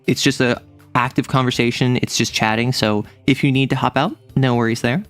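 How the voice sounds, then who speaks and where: A man streaming a casual chat, telling a rambling, animated story and laughing often. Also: medium pitch, a little fast, faint music behind.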